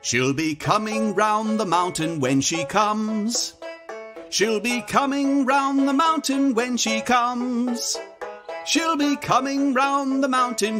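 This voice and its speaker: A woman hosting a children's sing-along in a cheerful, slow, sing-song manner. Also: medium pitch.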